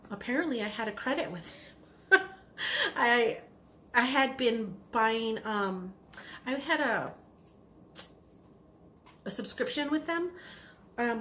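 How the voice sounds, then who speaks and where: A woman hosting a knitting video podcast, chatting casually and excitedly about yarn, rambling with lots of ums and restarts. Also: medium pitch, slight background noise. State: has the hiccups. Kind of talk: casual chatty show-and-tell.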